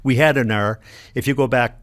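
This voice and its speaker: A man's voice: mid-range voice, fairly even intonation, brisk. An older man from Nova Scotia, Canada, an elder and linguist, patiently explaining words one by one with examples in a radio conversation.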